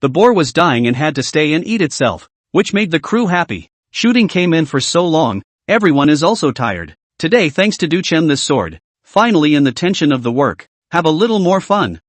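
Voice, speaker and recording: A man's voice: on the high side, sing-song, normal speed, few pauses, dry recording. A man narrating a web comic recap, telling the story steadily with asides to viewers.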